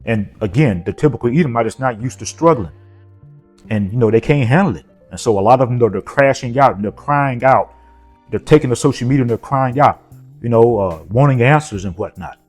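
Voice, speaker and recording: A man's voice: medium pitch, brisk, soft background music. A man gives an informal sermon and reads scripture, peppering his talk with "okay?" and "you know". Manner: repetitive, punctuated with frequent "okay?" and "you know". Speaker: preacher.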